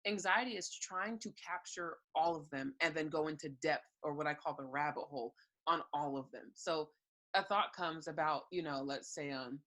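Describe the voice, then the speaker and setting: A woman's voice: low-pitched, normal speed, a bit bright, rough recording. A young woman, a guest on an interview show, giving a frank and earnest personal testimony and laughing lightly between thoughts. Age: young adult.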